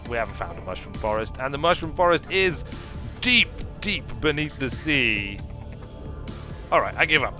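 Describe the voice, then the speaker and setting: Bright lively man narrating gameplay. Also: mid-range voice. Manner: whimsical, chats to game creatures. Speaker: gaming streamer. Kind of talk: playful let's play commentary. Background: faint game music.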